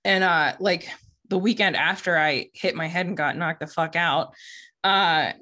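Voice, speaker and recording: A woman's voice: on the low side, measured pace, sharp tone. A woman in her forties, a podcast co-host, telling candid, profane stories in casual chat. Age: 40s. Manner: candid, profane storytelling with laughs.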